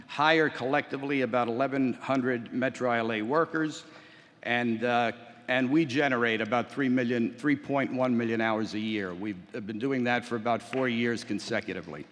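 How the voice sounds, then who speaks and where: A man's voice: medium pitch, a bit bright. A middle-aged man giving a prepared convention speech from a podium, telling a story with dry humor and many small hesitations. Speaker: convention speaker, port employers' association representative. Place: large convention hall. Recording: long reverb of a big hall.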